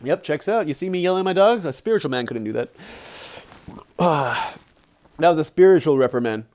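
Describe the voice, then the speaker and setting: A man reads a book aloud on a live stream and breaks off into chatty, playful asides. His voice sits fairly high and swings through a lively, animated range of pitch. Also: brisk.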